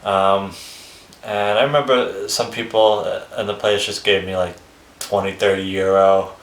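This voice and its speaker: A man with a fairly low voice tells a personal story in a loose, rambling, conversational way. He swears casually and keeps breaking into short chuckles. The sound is roomy, with a noticeable echo around him. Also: fairly even intonation, a little slow. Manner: rambling, chuckles between phrases, swears freely. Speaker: vlogger telling his life story.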